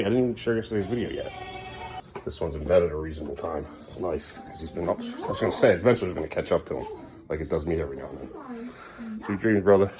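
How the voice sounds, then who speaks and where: A man's voice: lowish voice, darkish tone, a little hiss or hum. A man filming a casual home vlog, coaxing his small son along and chatting to the camera at home at night. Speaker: father filming his family.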